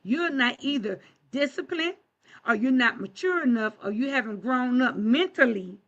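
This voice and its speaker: Bright-voiced woman preaching plainly. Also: high voice, lively intonation, moderate pace, highs cut off. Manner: conversational, plain-spoken preaching with rhetorical questions. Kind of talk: sermon. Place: church.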